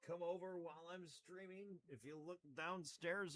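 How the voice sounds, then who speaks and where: A man's voice: high-pitched, fairly even intonation, moderate pace, few pauses, fairly bright tone. A young man chatting casually on a livestream while crafting, rambling with goofy, playfully sarcastic asides in a slightly crackly voice. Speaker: streamer.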